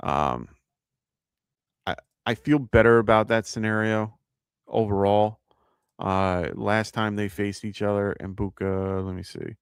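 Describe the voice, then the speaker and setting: On the low side and slow-paced, this man's voice has a clean tone, captured dry in studio quality. With a New York accent, he hosts a live fantasy football advice stream, musing aloud with fillers and answering viewer questions casually.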